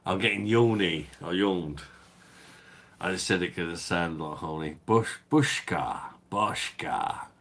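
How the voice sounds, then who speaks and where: Low-voiced, sweary man. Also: normal speed, fairly bright tone. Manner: sweary, rambling, reads out chat. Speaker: beer reviewer, live stream host. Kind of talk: casual live-stream chat.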